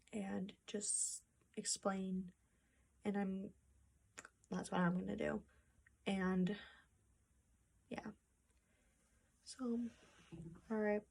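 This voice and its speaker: Slow, gravelly-voiced young woman vlogging. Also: mid-range voice. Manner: soft-spoken, halting, with restarts and sad pauses. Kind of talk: personal vlog to camera. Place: home room with a treadmill. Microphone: phone camera.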